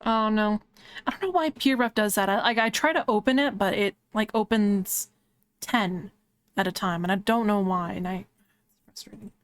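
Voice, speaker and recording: A woman's voice: mid-range voice, moderate pace, no echo. A woman streamer chatting casually while she draws, rambling with lots of "like" fillers. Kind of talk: casual chat while drawing on a live stream.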